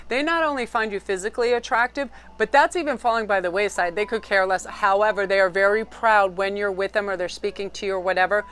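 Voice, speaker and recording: A middle-aged woman doing a casual tarot reading to camera, talking in an excitable, rambling, chatty way. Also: mid-range voice, smooth. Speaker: tarot card reader.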